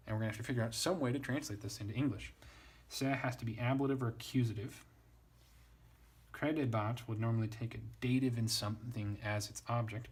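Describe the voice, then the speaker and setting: A man's voice: on the low side, breathy edge. A man teaching Latin translation in a casual, thinking-aloud way, wry and self-deprecating.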